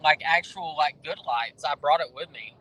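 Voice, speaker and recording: A man's voice: a little high, normal speed, pushed and bright, rough recording. A man chatting casually while riding as a passenger in a moving car, laid back and joking. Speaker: guest. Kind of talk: casual chat.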